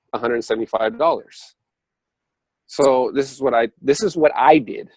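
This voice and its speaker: A man tells a spiritual story in a loose, conversational way, full of fillers and restarts. His pitch sits mid-range but leaps up when he grows heated. The sound is dry and close. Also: no room sound, rough recording. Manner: animated storytelling with sudden jumps up in pitch. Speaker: speaker on a spiritual talk show. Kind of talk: casual spiritual talk.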